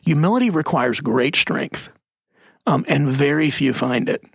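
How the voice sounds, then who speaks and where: Gravelly man preaching in casual talk. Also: on the high side, expressive, no room sound, clean studio sound. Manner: emphatic, preachy, drops into slow stressed phrases. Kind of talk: conversational Christian teaching.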